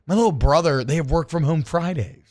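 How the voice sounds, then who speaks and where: A man's voice: a little high, brisk, a little mellow. A man hosting a sports radio show in a studio, chatting casually with many restarts and jokes. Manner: rambling, jokey, many restarts.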